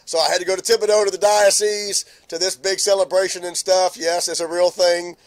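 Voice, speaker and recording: A middle-aged man from hosts a relaxed morning live stream and talks. His voice sits high for a man. He keeps breaking into laughter as he greets viewers by name. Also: a little fast.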